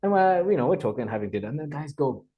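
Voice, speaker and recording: A man's voice: fairly high pitch, fast, dull audio. A man in his forties from Zambia, telling stories as a podcast guest, acting out dialogue and laughing often. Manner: animated storyteller, acts out dialogue, laughs often. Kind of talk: casual storytelling interview.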